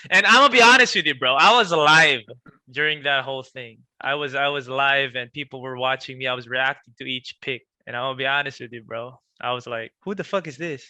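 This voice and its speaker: A man hosting a podcast interview, talking in an animated way, swearing freely and slipping into Tagalog. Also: medium pitch, a little fast. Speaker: podcast host. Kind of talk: casual interview chat.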